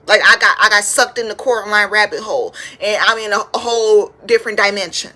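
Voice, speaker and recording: A woman in her twenties, host of a podcast, telling childhood stories in a casual, animated way with big dramatic jumps in her voice. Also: medium pitch, fast. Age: 20s. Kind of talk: casual storytelling.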